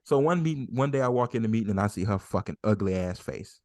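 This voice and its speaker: Profane animated man telling a story. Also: lowish voice, quick pace, no room sound. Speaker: podcast co-host. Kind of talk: casual storytelling chat.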